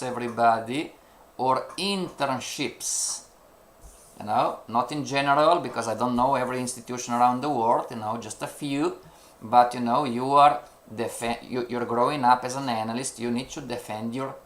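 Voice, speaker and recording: A man teaching a trading lesson live to students. He speaks non-native English, sometimes searches for words, and keeps checking understanding with "you know" and rhetorical questions. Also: medium pitch. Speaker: trading instructor.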